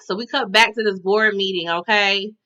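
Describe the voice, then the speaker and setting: A woman's voice: medium pitch, steady tone, normal speed, sharp tone, muffled recording. A woman recapping a TV episode in casual chat, often tagging her sentences with "okay?". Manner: chatty, tags lines with "okay?".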